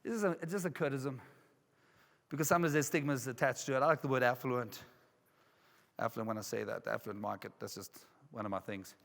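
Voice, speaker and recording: A man's voice: mid-range voice, brisk, creaky, pauses often, a bit bright. A man from Africa, giving an emphatic motivational speech full of repeated rhetorical questions at a conference. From South Africa. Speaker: keynote speaker. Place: large casino conference hall. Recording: reverberant hall.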